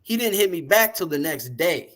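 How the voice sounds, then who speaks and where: Fast-rambling man telling stories. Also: high voice. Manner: animated, profane, rambling storyteller. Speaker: interview guest, music industry figure. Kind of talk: casual storytelling interview.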